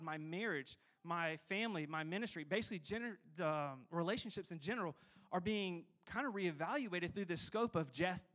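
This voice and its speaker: High-voiced young man preaching casually. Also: a bit bright. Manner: casual, rambling with many fillers. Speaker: pastor. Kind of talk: sermon.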